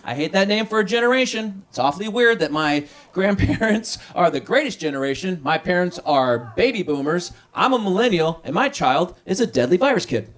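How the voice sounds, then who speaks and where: A man's voice: brisk, few pauses. A man in his thirties doing a stand-up set at a small restaurant comedy night, talking into a handheld mic. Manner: lively, jumps into high voices for quoted people.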